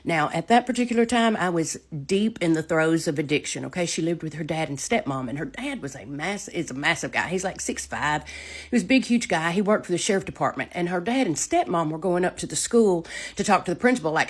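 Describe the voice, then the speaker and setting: A middle-aged woman telling a story in a casual, animated, folksy way, acting out quoted lines with dramatic flair. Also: medium pitch, fast talker.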